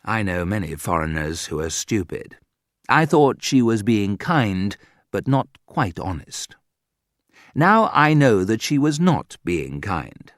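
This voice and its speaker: A man reading an audiobook aloud in a slow, deliberate way for English learners. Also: on the low side, sing-song, no room sound, studio quality. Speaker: audiobook narrator. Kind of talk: scripted audiobook narration.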